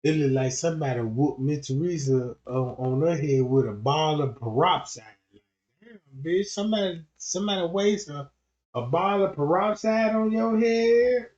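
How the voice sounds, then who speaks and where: A man's voice: a little high, unhurried, darkish tone. A man streamer telling profane, rambling comedic stories in a livestream rant. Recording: dull lo-fi stream audio.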